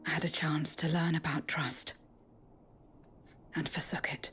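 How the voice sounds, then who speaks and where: An actress voicing a weary, regretful young woman warrior in a video game cutscene, speaking in a breathy near-whisper. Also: low voice, flat delivery, unhurried, a bit bright, soft background music. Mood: somber.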